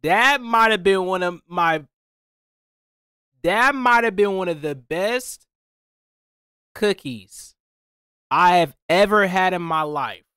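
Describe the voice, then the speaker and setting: A young man doing a casual taste-test vlog as a food reviewer, talking in slangy, excitable bursts, swearing and repeating himself. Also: high-pitched, slow pace, long pauses, clear, resonant tone, no room sound, studio quality.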